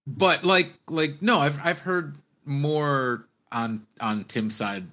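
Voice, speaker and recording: A man co-hosting a podcast, chatting in an easygoing, halting way. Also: fairly high pitch, sharp tone. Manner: easygoing, halting, many fillers. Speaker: podcast co-host. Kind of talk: casual chat.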